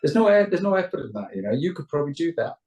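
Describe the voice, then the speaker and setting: A man's voice: fairly high pitch, very animated, rapid-fire, darkish tone, roomy sound, distant mic, faint music behind, rough recording. A man with a Welsh accent, a rock singer chatting in a video call interview, rambling and restarting his sentences. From Wales. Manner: chatty, rambling, stammers into restarts, mimics voices.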